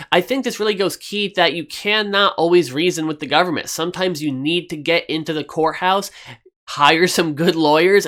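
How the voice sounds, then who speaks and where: A man's voice: on the high side, sharp tone. A man hosting his own finance video, giving his opinions in a casual, conversational way, with lots of "you know" and "okay".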